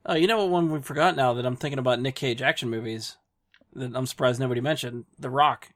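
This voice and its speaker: A man chatting casually as a podcast guest about movies, easygoing and quick to agree. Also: mid-range voice, fairly bright tone, dry recording, clean studio sound.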